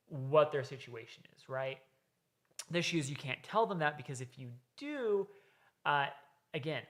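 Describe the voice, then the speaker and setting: A man's voice: mid-range voice, a bit bright. A man hosting a reaction video, explaining sales techniques in casual commentary with frequent "right?" asides.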